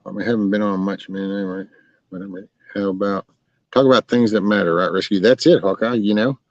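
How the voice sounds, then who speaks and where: This live stream host from Texas chats with viewers, rambling folksily through their questions in a fairly low, gravelly, darkish voice. He sounds animated and talks quickly. The dull lo-fi stream audio is dry.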